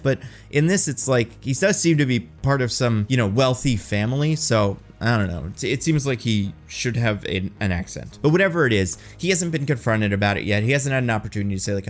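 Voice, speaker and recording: A man's voice: medium pitch, animated, brisk, few pauses. A man hosting a casual fan-theory commentary, chatty and rambling, saying "like" often. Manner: chatty and rambling, heavy use of "like". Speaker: host of a movie and TV commentary channel.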